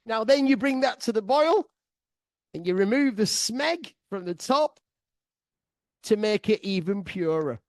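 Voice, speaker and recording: A man telling a sweary comic travel story to his listeners, excitable, laughing often and swearing freely. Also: high voice, a little slow, pauses often, no echo. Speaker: podcast storyteller.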